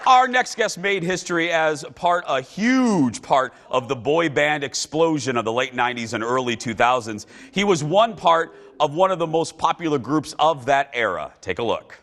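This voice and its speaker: A man's voice: a little high, normal speed, few pauses. A man hosting a live TV talk show, chatty and laughing as he tells stories. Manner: lively, chatty, laughing through an anecdote. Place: live show set in a large stadium venue.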